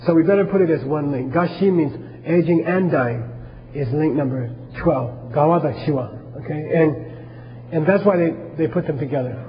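A man's voice: fairly high pitch, normal speed, long reverb tail, dull audio. A man teaching a class on Buddhism, talking casually and asking his listeners questions as he goes.

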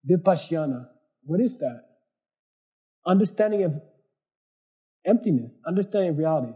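A man's voice: high-pitched, lively intonation, normal speed, warm tone, slightly rough, muffled recording. A man giving a Buddhist teaching to a class, explaining earnestly with everyday examples and often checking in with questions like "okay?". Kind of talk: dharma lecture to a class.

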